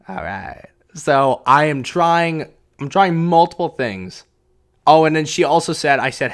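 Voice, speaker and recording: A man's voice: a little high, big pitch swings, measured pace, a bit bright. A man hosting a solo podcast from a room at home, talking casually in a rambling, self-deprecating way with lots of fillers and restarts. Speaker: podcast host. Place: echoey home room, on a couch. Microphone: podcast mic with pop filter.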